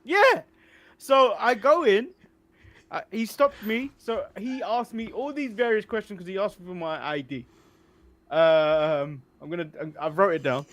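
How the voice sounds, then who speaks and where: An English man in his thirties, a podcast co-host chatting casually and telling animated stories, laughing often. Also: high-pitched, unhurried. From England. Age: 30s. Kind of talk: casual chat.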